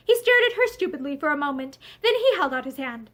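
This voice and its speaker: A young woman reads a novel aloud, seated in a room lined with bookshelves. Her storytelling is steady and expressive. Her voice sits high. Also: fairly quick, hardly any pauses. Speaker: audiobook reader. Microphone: facing camera, seated.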